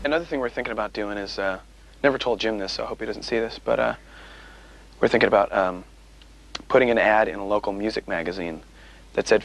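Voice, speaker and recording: Wry, rambling man with a low voice. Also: fast talker, creaky, pauses often, fairly bright tone, rough recording. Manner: rambling, wry storytelling with many fillers. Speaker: musician being interviewed. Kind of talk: casual interview chat.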